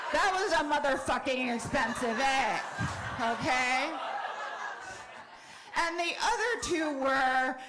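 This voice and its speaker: A middle-aged woman doing a stand-up comedy set, animated, with sudden shouted bursts and wry asides. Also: fairly high pitch, echoey room. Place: comedy club.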